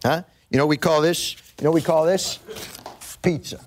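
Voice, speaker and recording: A man with a New York accent delivering a comedic late-night monologue, mock-indignant with deadpan asides. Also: a little high, a little fast, a little hiss or hum. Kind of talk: comedic monologue to a studio audience.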